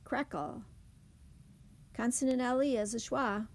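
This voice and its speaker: Gravelly-voiced woman teaching phonics. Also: medium pitch, darkish tone. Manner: clear, deliberate demonstration of words. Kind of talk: phonics lesson narration.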